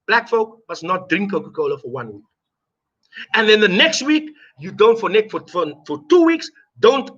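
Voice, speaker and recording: A man delivering an impassioned video message, hammering home short repeated commands and swearing freely, on a dull lo-fi recording. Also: extremely high pitch. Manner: forceful, repetitive exhortations, swearing. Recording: dull lo-fi sound.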